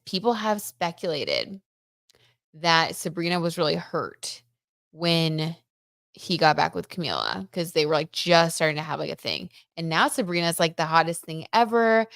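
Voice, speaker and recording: A woman's voice: fairly low pitch, animated, measured pace, creaky, fairly bright tone, dry recording, studio quality. A woman hosting a tarot gossip livestream, chatting casually and reading out viewer comments, with lots of fillers like "like" and "um". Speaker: tarot reader and livestream host.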